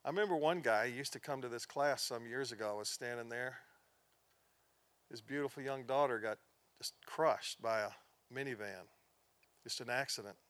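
A middle-aged man preaching to a class in an earnest, storytelling way. He sinks almost to a whisper at the saddest points and then pushes up hard for emphasis. His voice sits at a medium pitch for a man. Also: normal speed, long pauses, fairly bright tone, dry recording. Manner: earnest storytelling, drops to near-whispers in sad moments, rises in emphasis. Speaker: pastor teaching a class. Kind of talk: sermon-style teaching.

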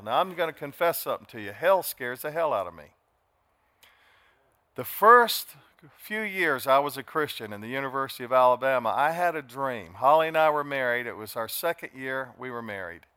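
An older man preaching a dramatic sermon, swinging from quiet asides to sudden shouts. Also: medium pitch, expressive, moderate pace, long pauses, no echo. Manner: dramatic, shifts from soft to shouting. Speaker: pastor.

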